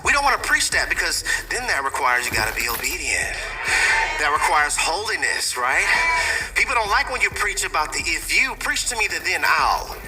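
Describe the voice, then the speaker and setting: A man's voice: a little high, big pitch swings, normal speed. A man preaching a sermon in an emphatic way, calling out to his listeners. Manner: emphatic, rising preaching with call-outs to the crowd. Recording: distant mic with music underneath.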